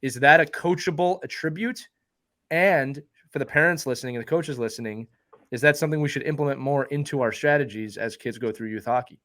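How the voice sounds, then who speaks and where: A man hosting a podcast interview who is effusive and quick to praise his guest. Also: mid-range voice, fairly bright tone. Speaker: podcast host.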